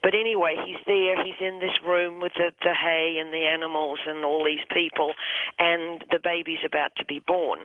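A hypnotherapist telling a long story on a radio call-in, halting and restarting phrases often, heard over a telephone line. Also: mid-range voice, flat delivery, no room sound. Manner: halting, with many restarts and repeated words. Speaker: hypnotherapist guest.

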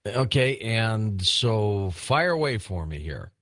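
A man's voice: lowish voice, big pitch swings, slow pace, a bit bright, dry recording, studio quality. A man hosting a late-night call-in radio show, joking lightly with callers. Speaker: radio host.

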